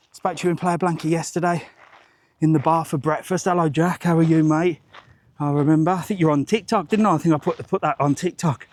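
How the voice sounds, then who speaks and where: A man's voice: fairly high pitch, darkish tone, no room sound. A man, chatting rambling and jokey on a live walking vlog outdoors, swearing casually, into a handheld phone. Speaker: travel vlogger.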